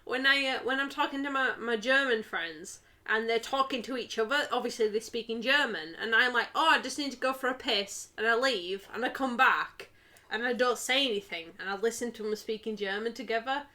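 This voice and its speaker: A woman's voice: a little high, brisk, pushed and bright. A young woman with a Yorkshire accent chatting casually on a livestream, swearing freely, laughing and rambling with lots of fillers. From northern England. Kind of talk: casual stream chat.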